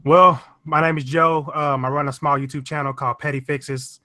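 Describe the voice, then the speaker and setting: A man's voice: on the high side, little pitch movement, normal speed, bright, forceful tone, no echo, studio quality. A laid-back man with a Kentucky accent, a YouTuber guest chatting casually on a livestream panel. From Louisville, Kentucky, USA.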